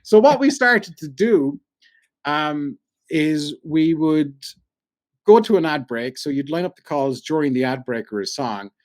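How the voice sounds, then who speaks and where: This Cork-accented man from Ireland, a radio presenter, chats as a podcast guest, telling meandering stories peppered with "you know." His voice is on the high side with lively intonation, delivered at a measured pace with no room sound.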